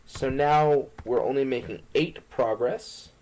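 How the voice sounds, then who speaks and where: A man with an average-pitched voice talks through his moves in a card game, relaxed and matter-of-fact. He counts and explains his plays to a friend as he goes. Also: slow, poor audio. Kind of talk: casual chat over a card game.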